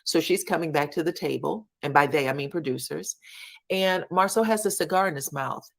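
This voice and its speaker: A woman with a notably low, deep speaking voice walks through reality TV scenes in a loose, chatty commentary. She talks in an animated, colloquial way and slips into acting out the people she describes. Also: a little fast, creaky. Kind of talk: casual commentary chat.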